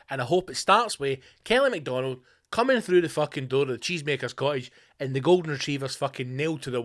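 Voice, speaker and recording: A man's voice: fairly high pitch, fairly bright tone. A Scottish man hosting a podcast, delivering a sweary, sarcastic comedic rant. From Scotland. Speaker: podcast host.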